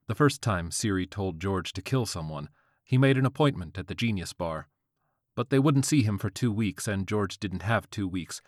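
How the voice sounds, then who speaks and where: A very low-voiced man reading a short story aloud with wry, deadpan timing. The recording is close and completely dry, with no room around him. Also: no room sound. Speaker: narrator. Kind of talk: scripted audiobook narration.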